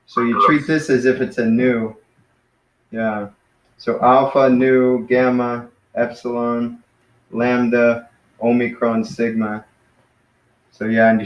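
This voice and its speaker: A man's voice: medium pitch, little pitch movement, slow, long pauses, echoey room, low-quality recording. A man casually teaching Greek pronunciation to a class, hesitant and self-correcting as he explains. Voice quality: hesitant, many fillers and restarts, self-correcting.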